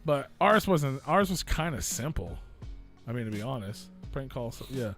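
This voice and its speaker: A man's voice: medium pitch, sing-song, moderate pace. Guy rambling thru a story on a radio show, swears a lot, faint music under it. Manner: rambling storytelling, swearing, acts out quoted voices loudly. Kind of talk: casual chat.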